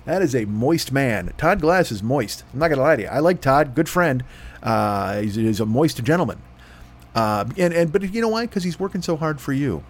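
A man's voice: fairly high pitch, expressive, brisk. A man hosting a comedy podcast, riffing through a profane, rambling ad read with a dry throat and mock announcer voices. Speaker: podcast host.

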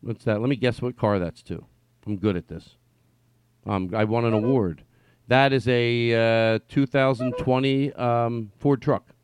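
A middle-aged man hosting a comedic podcast in a studio, rambling and excitable, swinging between yelling and quiet mumbling. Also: mid-range voice, measured pace, smooth. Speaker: podcast host. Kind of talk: loose comedic podcast talk. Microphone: studio mic.

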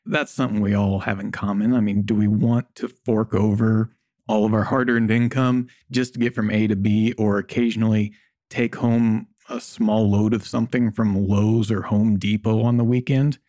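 A man's voice: on the low side, level tone, normal speed, dark tone, dry recording, studio quality. A married man chatting casually in a blunt, joking way, swearing now and then. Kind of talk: casual conversation.

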